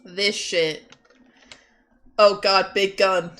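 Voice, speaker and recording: A woman's voice: mid-range voice, steady tone, extremely slow, a bit bright, faint music behind. A young woman chatting casually while she draws on stream. She giggles and swears freely. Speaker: streamer and artist.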